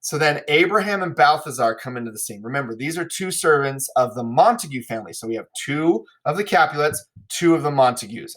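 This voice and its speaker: A male teacher talks through a play lesson in a casual, conversational way. He uses plenty of fillers and keeps checking in with his students. His pitch sits in a middle range. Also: a bit bright. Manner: casual explaining with many fillers, checking in with "right?". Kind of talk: recorded lesson walkthrough.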